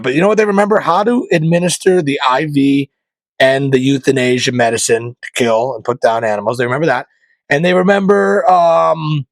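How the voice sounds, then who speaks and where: A man hosting his own podcast, delivering an opinionated comedic rant, swinging from loud emphatic punchlines to low muttered asides. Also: no room sound, poor audio. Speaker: podcast host.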